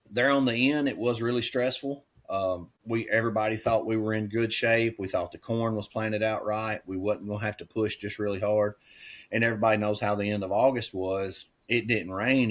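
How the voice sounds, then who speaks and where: A middle-aged man, a dairy farmer telling stories in casual chat, rambling and folksy. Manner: folksy, rambling, acts out quoted dialogue with rising pitch. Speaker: dairy farmer and auctioneer, podcast guest.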